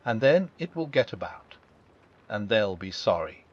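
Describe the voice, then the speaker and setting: Soft-spoken man reading a bedtime story. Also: lowish voice, sing-song, a little slow. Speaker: audiobook narrator. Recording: dull lo-fi sound.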